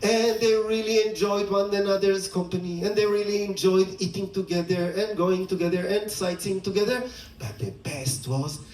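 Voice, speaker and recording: Playful male storyteller: lively high voice, slow telling, distant roomy mic. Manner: animated, playful, laughing asides. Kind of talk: retelling a myth to an audience.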